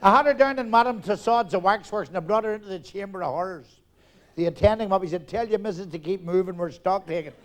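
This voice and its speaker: Northern irish comic in his 60s, high voice, live stage act, firing off gags and doing all the voices. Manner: rapid joke-telling, acting out characters in dialogue. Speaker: stand-up comedian. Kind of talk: live stand-up routine.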